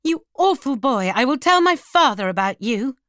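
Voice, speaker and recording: A woman voicing a spoiled, excitable teenage girl of a grand house, with high, loud, haughty outbursts. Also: a little slow, dry recording, clean studio sound. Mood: upset.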